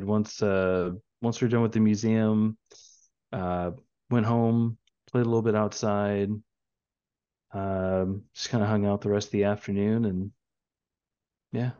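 A young father chats in a low voice, wandering through his story with plenty of fillers. The sound is dry and a bit muffled. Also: dark tone, smooth, no room sound. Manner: rambling storyteller with many fillers. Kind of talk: casual chat.

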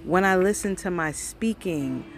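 A woman's voice: lowish voice, a little slow. A woman vlogger recording herself, talking through an earnest, casual motivational monologue, calling listeners "y'all" and often asking if they know what she means. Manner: earnest, conversational, often asks "you know what I mean?". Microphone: recording herself for her channel.

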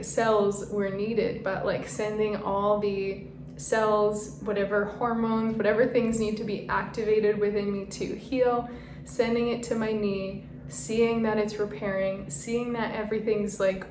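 A young woman telling a personal story in a casual, chatty way, often saying "like" and laughing at herself. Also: mid-range voice. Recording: roomy echo, faint background noise.

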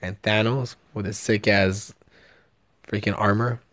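Excitable profane man in a dry room. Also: fairly low pitch, a little slow, no echo. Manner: excited, jokey, profane, stumbling over words. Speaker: podcast host. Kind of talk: casual trailer breakdown chat.

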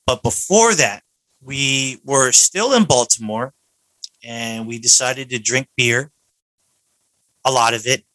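A man's voice: medium pitch, slow, long pauses, pushed and bright, no room sound, poor audio. A man hosting a casual podcast chat, joking around and rambling with lots of fillers. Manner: jokey, rambling with many fillers. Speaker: podcast host. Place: home podcast studio.

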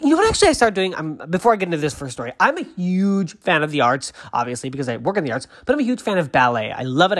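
A man hosting a podcast, chatting casually and gushingly about celebrity news, rambling with frequent restarts. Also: fairly high pitch. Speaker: podcast host.

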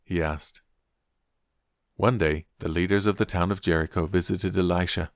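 A man reading a Bible passage aloud as scripted narration, measured and deliberate. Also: low-pitched, fairly even intonation, no room sound, clean studio sound. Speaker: Bible reader.

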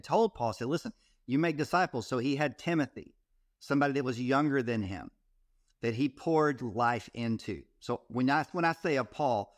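Male ministry guest, mid-pitched, animated storyteller, dry close-mic recording. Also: no echo. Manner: animated storyteller, frequent repeated starts. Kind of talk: casual interview, storytelling.

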